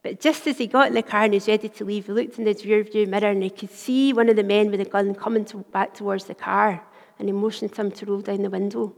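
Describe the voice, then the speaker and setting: A woman preaches a sermon in a church, her voice carrying a gravelly edge of vocal fry. She tells the story earnestly and drops to a hush for quoted words. A long reverb trails behind her in the church. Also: mid-range voice, fairly even intonation, fast. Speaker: minister.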